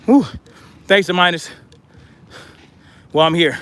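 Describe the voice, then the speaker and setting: Breathless man, high pitch, blunt outdoor vlog monologue while hiking. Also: normal speed, fairly bright tone. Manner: blunt, chatty, addresses viewers as y'all. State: out of breath from hiking uphill with a pack. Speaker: vlogger.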